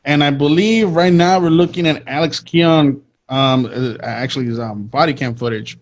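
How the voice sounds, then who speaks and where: A man's voice: fairly high pitch, normal speed, highs cut off. A man co-hosting a talk show, hesitant and full of ums and restarts as he walks through footage on screen. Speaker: podcast co-host. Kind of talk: casual commentary over a screen share.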